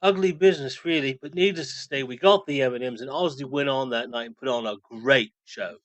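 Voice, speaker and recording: A man voicing a boastful, unflappable middle-aged British rock roadie who tells wild tales in a deadpan way. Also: mid-range voice, fairly quick, no echo, close to an everyday voice. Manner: deadpan tall-tale telling.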